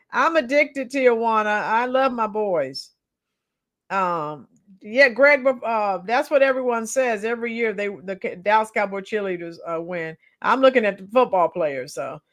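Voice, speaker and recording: A talkative woman hosting a casual livestream, with a slightly high voice. She reads viewer comments aloud and answers them in a relaxed, chatty way. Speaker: livestream host.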